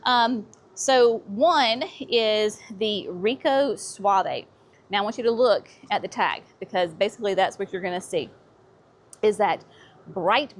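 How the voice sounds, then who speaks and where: Chatty woman touring a garden center. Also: mid-range voice. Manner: chatty and enthusiastic, says y'all often. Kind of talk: casual walk-through plant showcase.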